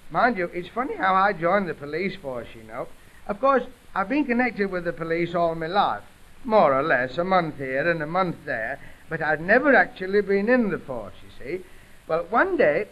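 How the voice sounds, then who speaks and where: A young man with a Yorkshire accent doing chatty, punchline-driven music hall patter, on a dull 1929 gramophone recording. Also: fairly high pitch. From England. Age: 20s. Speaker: comedian. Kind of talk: music hall comic monologue.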